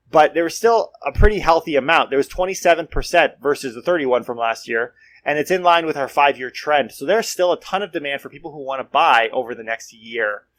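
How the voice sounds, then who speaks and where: A man's voice: a little high, a bit bright. A young man, hosting a casual real estate podcast. He talks straight to his listeners and repeats points for emphasis. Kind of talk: casual market commentary.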